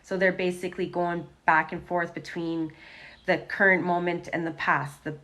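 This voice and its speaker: A woman's voice: fairly low pitch, flat delivery, normal speed, a bit bright. A woman doing a casual livestream tarot reading, chatty and repetitive as she talks to the camera. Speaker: tarot reader. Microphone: phone or webcam on a livestream.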